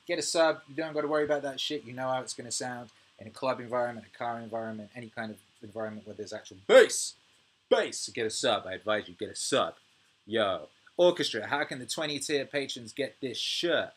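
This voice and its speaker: A man's voice: mid-range voice, fast, breathy edge. Swearing British man ranting on a livestream. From United Kingdom. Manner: swears freely, animated rants, laughs often. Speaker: music producer and livestream host. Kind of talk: casual livestream chat reading viewer comments.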